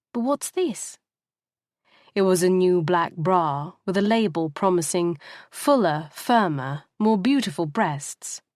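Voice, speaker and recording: Low-voiced woman narrating a novel. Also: a little mellow, no echo, clean studio sound. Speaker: audiobook narrator. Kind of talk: scripted narration.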